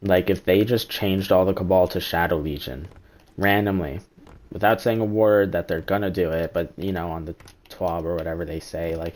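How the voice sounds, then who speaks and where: A man's voice: deep voice, normal speed, darkish tone. A man streaming a game, rambling through his opinions in casual chat and swearing now and then. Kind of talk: casual live-stream commentary.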